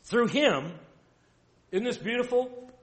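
A man preaching a sermon, emphatic and direct, asking the listeners rhetorical questions and reading scripture aloud slowly. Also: very high-pitched, lively intonation.

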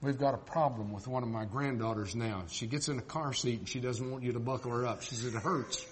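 An older man preaching a folksy sermon, joking and swinging between loud and soft. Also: medium pitch, fast talker, slight background noise.

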